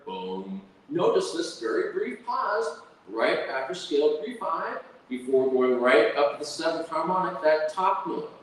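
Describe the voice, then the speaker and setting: A man's voice: fairly high pitch, expressive, measured pace, a little hiss or hum. A man giving an academic lecture on music, breaking into sung da-da melodies to demonstrate his points. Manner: hums and sings melodies with da-da syllables. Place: lecture hall. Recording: echoey hall from far off.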